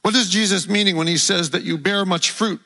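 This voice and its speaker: A man preaching a teaching sermon, explaining step by step and slowing down to stress key words. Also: high-pitched, gravelly, pushed and bright, long reverb tail.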